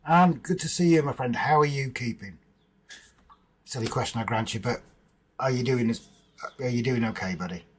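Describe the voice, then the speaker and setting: A man's voice: mid-range voice, normal speed, long pauses, a little hiss or hum, rough recording. A man hosting a casual livestream from home, chatting informally with viewers in the chat and bantering with his partner. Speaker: livestream host.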